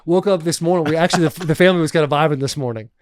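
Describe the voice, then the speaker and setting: A man with a slightly high, smooth voice recounts a story on a podcast, animated and swearing freely. He laughs often between lines. The sound is dry and close. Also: very fast, no echo. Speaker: podcast co-host. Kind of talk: casual storytelling chat.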